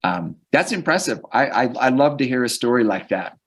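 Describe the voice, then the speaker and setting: A man's voice: mid-range voice, animated, moderate pace. A man speaking as a guest on a leadership podcast, earnest and reflective, often restarting his sentences. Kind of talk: conversational interview.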